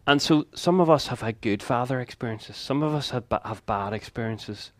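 A man in his fifties preaching a sermon, telling a personal story in an earnest way with quick laughs and asides. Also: mid-range voice, no echo.

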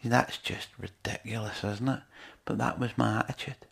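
A man's voice: lowish voice, steady tone, normal speed, creaky, fairly bright tone, husky. A man preaching a sermon in an earnest, conversational way, with lots of rhetorical questions to his listeners.

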